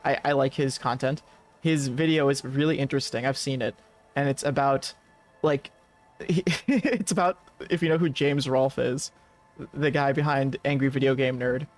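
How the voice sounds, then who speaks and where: A man's voice: mid-range voice, steady tone, normal speed, faint music behind. Giggly chatty man playing a game. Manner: giggly, chatty, reads game text aloud. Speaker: podcast co-host playing a game. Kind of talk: casual let's-play chat.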